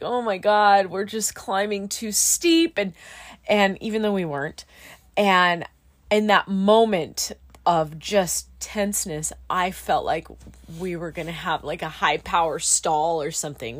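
A woman's voice: on the low side, unhurried. A middle-aged woman and student pilot in casual chat, candid and emotional, with plenty of fillers like "like" and "dude.".

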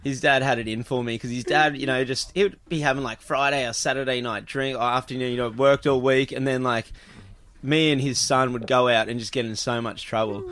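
Lively man in his thirties. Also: mid-range voice, brisk, no echo. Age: 30s. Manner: lively, swearing storyteller. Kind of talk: casual chat.

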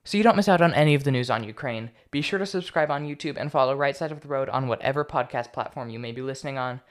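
A man's voice: mid-range voice, quick pace. A young man hosting a solo political commentary podcast, talking casually with a sarcastic edge. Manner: casual, sarcastic, stumbles over foreign names. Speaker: podcast host.

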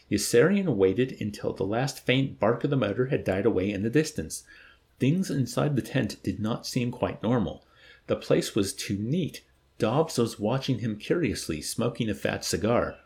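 Expressive low-voiced man reading aloud. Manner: expressive reading, acting out dialogue. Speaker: book club reader. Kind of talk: reading a novel aloud with discussion.

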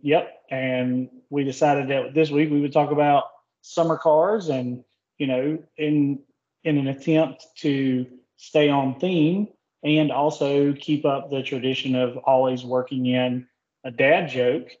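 Southern man, mid-pitch co-host, easygoing and jokey, dull lo-fi recording. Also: slow pace. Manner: relaxed, joking, with fillers. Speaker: podcast co-host. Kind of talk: casual chat. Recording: dull lo-fi sound.

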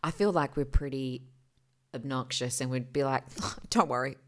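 A woman's voice: rumbling low, steady tone, a little slow. A woman co-hosting a podcast, chatting casually with playful, wry jokes. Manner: joking, playful, wry asides. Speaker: podcast co-host. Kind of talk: casual chat.

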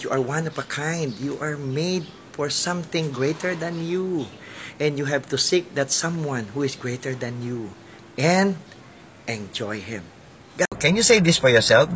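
A man's voice: medium pitch, fairly bright tone, slight background noise. Filipino man preaching with emphatic repetition. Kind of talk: sermon.

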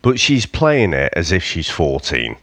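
A man's voice: low voice, huge pitch swings, unhurried, fairly bright tone, dry recording. A man co-hosting a casual film review podcast, wry and swearing, sometimes quoting characters in put-on voices. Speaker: podcast co-host.

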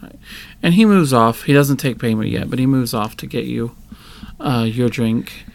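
A man's voice: mid-range voice, normal speed, creaky. A man running a tabletop role-playing game as game master, narrating scenes in descriptive detail. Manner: descriptive narration with filler and restarts.

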